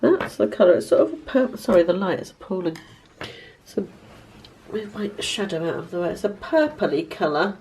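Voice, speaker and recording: A woman in her fifties, hoarse and congested with a cold, chatting casually to camera as a lifestyle vlogger in her bedroom. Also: lowish voice, sing-song, moderate pace, a little mellow, slight background noise. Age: 50s. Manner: chatty, self-deprecating, rambling. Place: bedroom at home.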